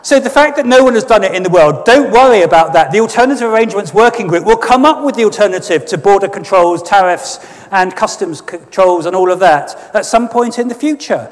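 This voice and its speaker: Animated, high-pitched man speaking in a church. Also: a little fast. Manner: emphatic and sardonic. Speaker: guest speaker. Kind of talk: political speech to an audience. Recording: long church reverb.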